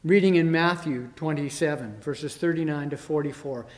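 Male preacher, emphatic, slightly higher voice, recorded in a reverberant church hall. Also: normal speed, a little mellow. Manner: rising emphasis, dramatic quoted mockery. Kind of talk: sermon.

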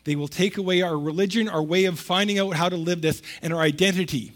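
A man delivering a sermon in a relaxed, conversational manner. His voice sits a little high for a man. He leans hard on repeated words and raises his voice to stress a point. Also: quick pace, few pauses. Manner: conversational preaching with emphatic repetition, rising to loud stresses. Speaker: pastor.

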